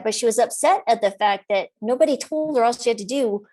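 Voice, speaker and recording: A middle-aged woman doctor tells a story as a guest in a casual interview. Her voice sits slightly high, and she laughs often as she acts out what others said. Her delivery is animated and chatty. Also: quick pace, hardly any pauses. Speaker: physician guest.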